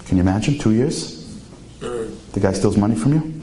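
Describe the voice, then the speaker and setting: A man telling an inspirational story in an animated way, his pitch leaping up for emphasis, with many rhetorical questions to the audience. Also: moderate pace, pauses often, a crowd in the background. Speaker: inspirational speaker.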